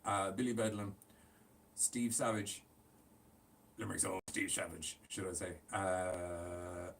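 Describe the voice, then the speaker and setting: A man's voice: deep voice, level tone, takes it slowly, gravelly, a bit bright. A man co-hosting a wrestling podcast, joking and talking offhandedly. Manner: joking, does mock voices, offhand. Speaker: podcast co-host. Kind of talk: casual wrestling chat. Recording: distant mic with faint ambient noise.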